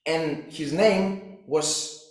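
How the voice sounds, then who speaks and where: A young man tells his own story as a fitness coach, intense and full of swearing. His voice sits high for a man. The sound bounces around a very echoey room. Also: drawn-out words. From Cyprus. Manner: intense, profane, restless delivery with restarts. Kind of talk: personal story monologue.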